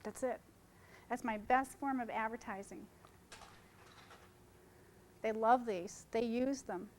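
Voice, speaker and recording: A middle-aged woman talks photographers through her wedding work in a loose, chatty seminar style. Her voice sits a little high, and she jokes with the audience and jumps from one point to the next. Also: takes it slowly, slight background noise, rough recording. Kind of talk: informal seminar talk to photographers. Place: conference room.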